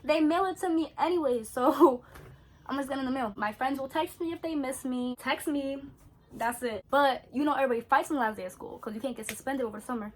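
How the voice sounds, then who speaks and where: A young woman, chatting in an animated, slangy way as she tells a story during her skincare routine. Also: high voice, fast talker. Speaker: beauty vlogger.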